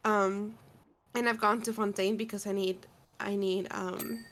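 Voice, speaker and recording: Gravelly teasing young woman. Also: mid-range voice, little pitch movement, unhurried, a bit bright, slight background noise. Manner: teasing, playful. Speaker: collab partner. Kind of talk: casual live-stream chat.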